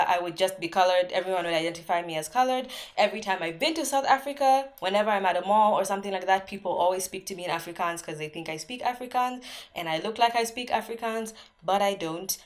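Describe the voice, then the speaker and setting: A young woman from Zambia chatting on camera in a casual Q&A vlog, telling stories with lots of "like" fillers. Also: fairly low pitch. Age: young adult. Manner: chatty storytelling, many "like" fillers. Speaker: vlogger.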